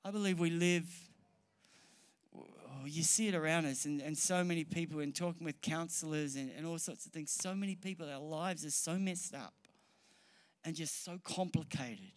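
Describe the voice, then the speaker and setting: A man with a high voice preaches a sermon. He starts out halting, with many restarts, and climbs into loud, rapid, passionate appeals. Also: dry recording.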